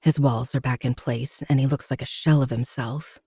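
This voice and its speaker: A man narrates a romance novel aloud in steady, dramatic first person. His tone is mellow and slightly husky, with a gravelly edge. The sound is dry and close. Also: medium pitch, moderate pace, dry recording. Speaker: podcast host.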